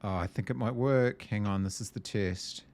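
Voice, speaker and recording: A man with a low, deep voice plays a puzzle game and narrates his own reasoning. He mutters and doubts himself, then turns excitable when a step looks like it might work. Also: normal speed. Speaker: gameplay video host. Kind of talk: thinking aloud while playing a puzzle game.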